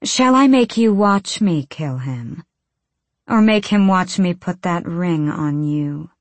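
Cruel taunting princess villain, as a woman reads her, low voice, slow and cold, storybook. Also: animated, dry recording.

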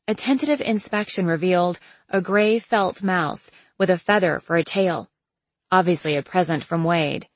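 Lowish female audiobook narrator. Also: moderate pace, no echo, low-quality recording. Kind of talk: scripted narration.

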